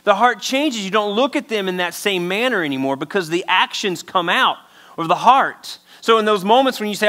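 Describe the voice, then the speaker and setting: A man's voice: high-pitched, lively intonation, normal speed, pushed and bright. A male pastor preaching a sermon in an emphatic, conversational way, acting out little quotes.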